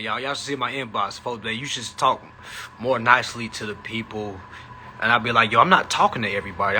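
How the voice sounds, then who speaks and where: A man's voice: on the high side, bright, forceful tone, slight background noise. A man hosting a live stream, talking casually and animatedly, with lots of profanity and a preachy edge.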